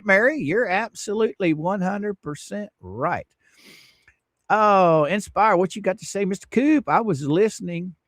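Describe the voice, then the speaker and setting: A man's voice: on the high side, no echo, studio quality. A man in his fifties hosting a casual livestream, greeting viewers by name in a drawling, teasing, sarcastic way. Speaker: livestream host.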